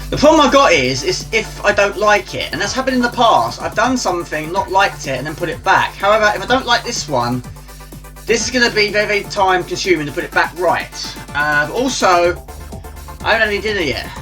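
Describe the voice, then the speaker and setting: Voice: medium pitch, sing-song, a little fast, pushed and bright, soft background music, poor audio. A vlogger talking casually to camera in a chatty, rambling, enthusiastic way. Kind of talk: casual vlog chat.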